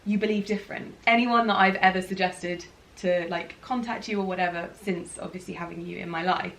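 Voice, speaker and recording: A woman's voice: lowish voice, fairly even intonation, fairly bright tone, a little hiss or hum. Earnest woman telling how coaching changed her, restarts a lot, sounds far from the mic. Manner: earnest, reflective, halting restarts. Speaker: guest, former client. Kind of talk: conversational interview. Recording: roomy sound, distant from mic.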